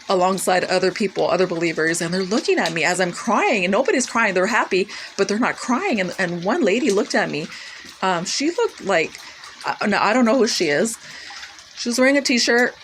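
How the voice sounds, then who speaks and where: Woman, lowish voice, halting testimony, lots of fillers, faint hiss behind. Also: fairly bright tone, rough recording. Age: adult with children. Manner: hesitant, many fillers and restarts. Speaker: Christian vlogger sharing a dream. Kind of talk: casual personal testimony.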